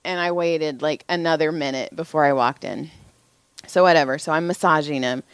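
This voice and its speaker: With a low, clear, resonant voice at a moderate pace, a massage therapist co-hosting a podcast chats through casual stories. She curses freely and imitates the voices of those she quotes, and the recording has no echo.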